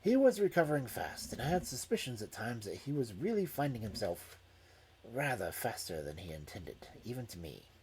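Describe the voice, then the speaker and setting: A man reading a story aloud in an expressive, dramatic way. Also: mid-range voice, normal speed, slight background noise.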